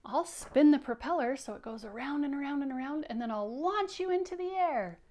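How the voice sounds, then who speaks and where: A woman voicing an eager, impulsive young male rabbit from a storybook in a bright, keen voice. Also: sits high, animated, a little fast, pitched above the performer's own voice. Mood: excited.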